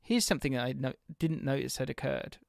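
A man's voice: mid-range voice, fairly quick, gravelly, dry recording, clean studio sound. A man co-hosting a casual football podcast, rambling and distracted as he reads viewer comments while he talks. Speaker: podcast co-host.

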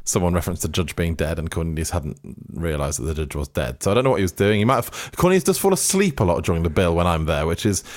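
A man co-hosting a comedy podcast, trading wry, playful remarks. His voice sits very low. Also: animated, fast, hardly any pauses, no room sound, studio quality. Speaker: podcast co-host. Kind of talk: casual comedy podcast chat.

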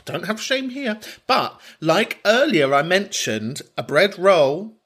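A man hosting a comic podcast, talking in a theatrical, teasing way with sudden loud outbursts. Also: sits high, lively intonation, slow pace, breathy edge. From Ireland. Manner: theatrical, teasing, bursts into shouts. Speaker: podcast host.

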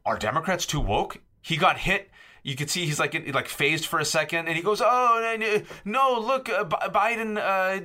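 A man guest-hosting a political podcast, arguing combatively with rapid rhetorical questions and emphatic repetition. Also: mid-range voice, pushed and bright. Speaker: guest host, political columnist. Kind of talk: heated political podcast discussion.

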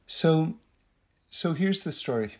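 A man telling a story in a lively way, acting out the voices of the people in it and laughing between lines. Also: fairly high pitch, slow pace. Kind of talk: animated storytelling talk.

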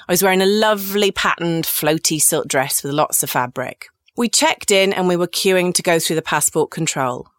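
A woman's voice: on the low side, fairly bright tone, no echo, studio quality. A woman in her forties, a podcast host, tells comic personal stories in a candid, cheeky, self-mocking way.

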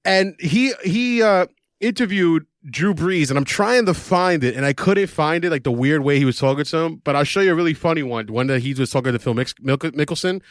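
Talking quickly with hardly any pauses, a man with a somewhat high voice hosts a casual podcast chat. He rambles, restarts, uses plenty of fillers, and slips into playful impressions, all captured in a dry, studio-quality recording.

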